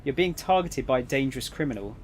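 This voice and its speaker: Dude reading a cool snide agent guy, calm and talking down, game read-aloud, plain even voice. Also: mid-range voice, quick pace, slight background noise, close to an everyday voice. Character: cool, snide adult male embassy agent.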